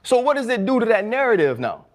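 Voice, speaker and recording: A man's voice: very high voice, sing-song, fast talker. A man giving sports opinion commentary, arguing his point with rhetorical questions.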